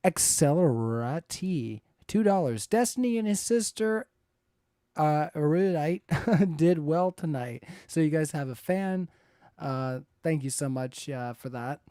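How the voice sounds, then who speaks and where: Upbeat moderator reading viewer donations. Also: male voice, a little high, animated, measured pace, dark tone, dry recording, clean studio sound. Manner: laughs often, reads viewer messages aloud. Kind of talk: live-stream debate hosting. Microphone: close to the mic.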